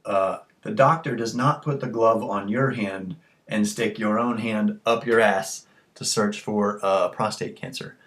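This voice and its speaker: A tipsy vlogger rants to camera in a rambling, crude monologue, swearing constantly. His voice is fairly low and steady, a bit bright, and a little slow.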